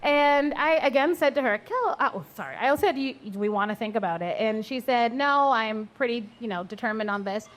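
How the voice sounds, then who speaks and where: Woman, abortion doula on a live panel, slightly high-pitched, blunt and profane, laughs easily. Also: a little fast, hardly any pauses. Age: adult, mother of four. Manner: blunt, swears freely, laughs while telling stories. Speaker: abortion doula and maternal health advocate. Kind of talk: candid live panel talk. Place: live event at a coffee house.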